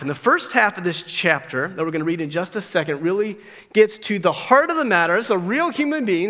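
A man's voice: high-pitched, sharp tone. A man preaching a sermon as pastor, conversational, often adding "like" and "right?" as he talks to the congregation. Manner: conversational, frequent "like" and "right?" asides. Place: church sanctuary. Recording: long reverb of a large hall.

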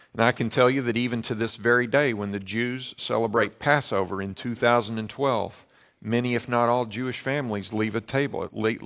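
A man preaching a sermon, emphatic, with sharp swings between loud and quiet. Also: medium pitch, highs cut off. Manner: emphatic preaching with dramatic shifts in loudness. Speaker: pastor.

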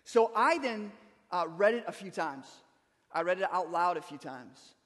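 A man's voice: high-pitched, animated, unhurried, a bit bright, long reverb tail. A man preaching a sermon as pastor, talking conversationally and repeating words as he starts a thought.

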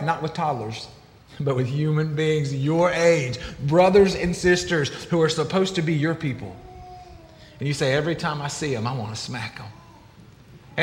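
A man preaching a sermon as pastor, animated and acting out quoted speech in different voices. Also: sits high. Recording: echoey hall, long reverb.

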